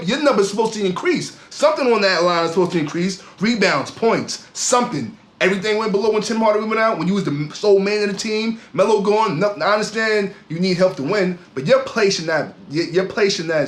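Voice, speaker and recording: A man's voice: sits high, lively intonation, a little fast, few pauses, reverberant. A man co-hosting a sports podcast, ranting heatedly in casual talk and often repeating his words. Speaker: podcast co-host.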